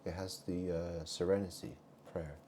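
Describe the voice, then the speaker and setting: A man vlogging in a rambling monologue, muttering asides and swinging between loud remarks and hushed ones. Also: sits low, flat delivery, moderate pace, a little hiss or hum.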